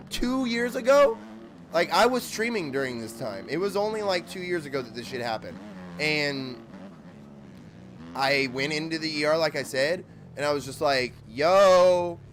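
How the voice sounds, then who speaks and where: Fairly high-pitched and fairly bright, this man's voice carries casual live-stream chat as he plays a motocross game. You can hear the game's bike engines behind him while he swears, rambles and keeps saying "like" and "dude."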